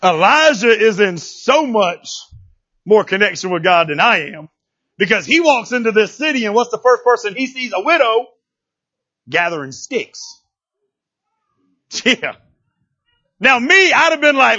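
Animated, husky-voiced male preacher. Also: very high voice, a little fast, lo-fi sound. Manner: animated and playful, acts out characters, rises to shouts. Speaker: pastor. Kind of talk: sermon.

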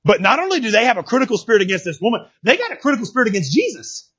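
Folksy male pastor, high husky voice, preaches emphatically, heard on a dull lo-fi stream. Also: big pitch swings, very fast, a bit bright. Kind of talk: sermon.

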